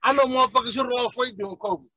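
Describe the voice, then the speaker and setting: A man's voice: very high-pitched, steady tone, very fast, sharp tone, no room sound, muffled recording. A man, ranting heatedly and profanely in casual chat as a podcast co-host.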